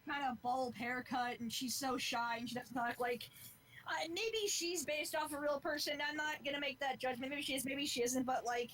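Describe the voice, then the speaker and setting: A woman's voice: sits high, steady tone, normal speed, fairly bright tone, a little hiss or hum, rough recording. A woman in her twenties chatting on a podcast, earnest and rambling, swearing freely as she goes. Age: 20s. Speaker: podcast co-host. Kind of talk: casual chat.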